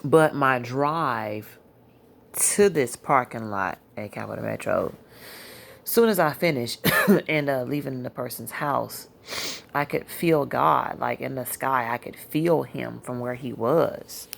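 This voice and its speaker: A tired woman telling a personal religious testimony in a rambling, halting way, full of fillers. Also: rumbling low, vocal fry. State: tired, yawning. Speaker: Christian testimony speaker.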